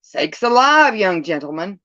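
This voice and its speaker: A woman's voice: medium pitch, expressive, measured pace, a bit bright, no echo, muffled recording, voice pushed up. A woman voicing a grave old male shepherd with rustic country speech and solemn warnings, in a storybook reading.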